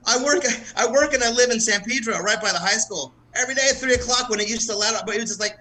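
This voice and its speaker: A man's voice: high voice, fast talker, pushed and bright, rough recording. A man from the American South doing a casual, profane stand-up set at an open mic, laughing at his own jokes. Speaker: stand-up comedian.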